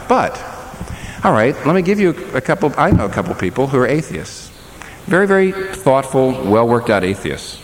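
A man preaching a sermon as pastor, talking to his congregation with animated delivery and shifting into the voices of the people he quotes. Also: brisk. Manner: animated preaching, voices quoted speakers with sharp pitch swings. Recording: reverberant hall, faint background noise.

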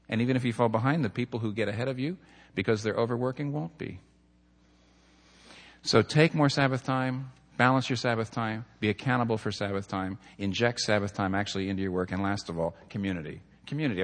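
Earnest male pastor preaching in a reverberant hall. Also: lowish voice. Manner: earnest, builds to emphatic points, tells stories. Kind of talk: sermon.

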